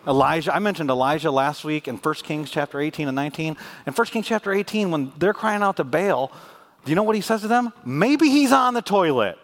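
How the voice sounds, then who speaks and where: A man preaching a sermon as a pastor, animated and joking, with sarcastic asides. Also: on the high side, fast talker. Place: church in front of a congregation.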